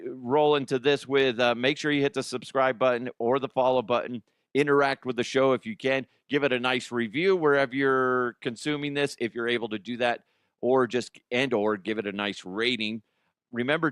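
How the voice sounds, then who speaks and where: A man's voice: mid-range voice, fairly bright tone, no room sound, studio quality. A man hosting a comedic news podcast, talking in a loose, joking way with swearing and self-mockery. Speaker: podcast host.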